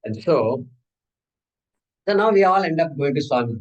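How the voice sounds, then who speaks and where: Male teacher, fairly high voice, relaxed lecturing tone, quizzes the class. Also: normal speed, long pauses, poor audio. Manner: conversational teaching, asks the class questions. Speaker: Vedanta teacher.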